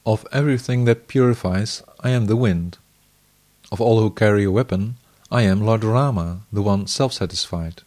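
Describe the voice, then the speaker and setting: Low-voiced man reading scripture slowly. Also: darkish tone. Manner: measured, in short phrases. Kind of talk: scripture reading in first person.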